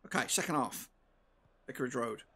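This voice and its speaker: A man commentating live on his football game, swinging from low mutters to shouted outbursts and swearing often. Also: lively intonation, fairly quick, vocal fry, slightly rough. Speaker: gaming channel host.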